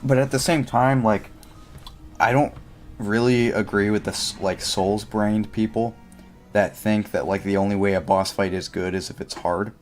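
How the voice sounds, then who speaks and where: A young man talks through his gameplay in a loose, rambling way, leaning on filler words as he thinks aloud. His voice sits very low. Faint game music plays quietly behind him. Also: steady tone, normal speed. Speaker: livestreamer. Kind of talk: casual gameplay commentary.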